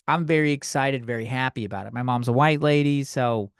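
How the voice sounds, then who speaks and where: A man's voice: medium pitch, brisk, few pauses, no room sound. A man hosting a comedy podcast, ranting in an exasperated, profane way into a studio microphone. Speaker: podcast host. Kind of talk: comedic rant. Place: video podcast recording.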